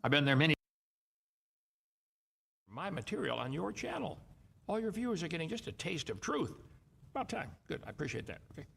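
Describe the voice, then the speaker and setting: Gravelly man lecturing emphatically. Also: fairly high pitch, big pitch swings, fairly quick, pauses often, fairly bright tone, slight background noise. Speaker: host. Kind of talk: argumentative call-in commentary.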